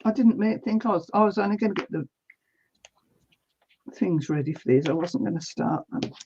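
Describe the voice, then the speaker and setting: A woman's voice: mid-range voice, normal speed, warm tone, a little hiss or hum. An older woman, chatting casually and laughing easily while she works on a quilt. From New Zealand. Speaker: crafting vlog host. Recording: dull lo-fi sound.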